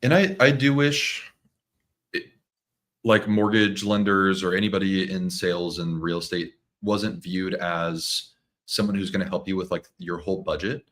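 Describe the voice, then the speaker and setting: A man giving mortgage advice as a guest in a livestream, relaxed and full of fillers. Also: sits low, moderate pace. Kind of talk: casual livestream chat.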